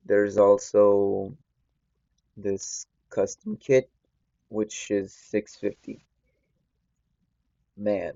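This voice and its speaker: A man runs a gaming channel, chatting casually over gameplay in a relaxed, slow, rambling way while feeling unwell just after waking up. His lowish voice is creaky, and the dull audio has no echo.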